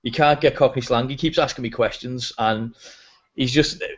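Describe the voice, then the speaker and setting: A man's voice: medium pitch, moderate pace, breathy edge. Chatty man hosting a lo-fi podcast. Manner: chatty, rambling, with fillers. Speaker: podcast host. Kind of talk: casual chat. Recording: dull lo-fi web broadcast audio.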